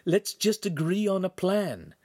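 A man's voice: high-pitched, very animated, measured pace, darkish tone, slightly rough, no room sound, clean studio sound, pitched above the performer's own voice, exaggerated voice. A man voicing a small, cautious male imp who speaks in a precise, analytical way. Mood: alarmed.

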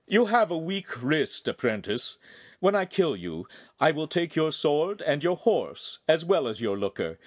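A man's voice: a little high, sing-song, measured pace, no echo, studio quality, pitched above the performer's own voice. A man voicing an arrogant young swordsman villain, mocking and cruel in an audiobook. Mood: sneering. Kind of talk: audiobook narration.

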